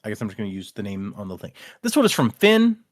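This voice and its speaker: A man's voice: fairly low pitch, wildly swooping pitch, quick pace, no room sound, studio quality. A man hosting a casual podcast, reading listener emails aloud and laughing easily. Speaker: podcast host.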